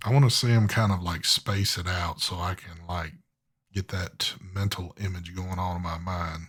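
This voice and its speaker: A man with a fairly low voice hosts a live stream in casual chat. He talks in an easygoing, drawling way with plenty of ums and pauses. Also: fairly even intonation, a bit bright, slightly rough. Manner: drawling, easygoing, hesitant with fillers. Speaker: host of a live vape show.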